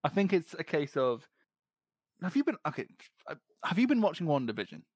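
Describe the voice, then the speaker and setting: A man with a light Scottish accent, co-hosting a podcast in casual chat, ranting with plenty of swearing and quick laughs. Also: a little high, big pitch swings, breathy edge, dry recording. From Scotland. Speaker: podcast co-host.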